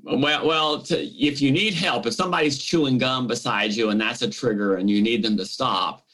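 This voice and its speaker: A man's voice: mid-range voice, moderate pace, fairly bright tone, rough recording. A man being interviewed as a behavior analyst, giving plain, direct, instructive advice. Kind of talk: interview answers.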